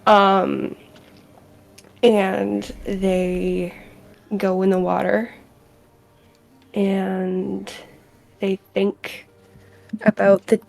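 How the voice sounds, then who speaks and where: Slow, gravelly woman narrating her character. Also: medium pitch, level tone, a little mellow. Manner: slow, hesitant and reflective, with many ums. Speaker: player.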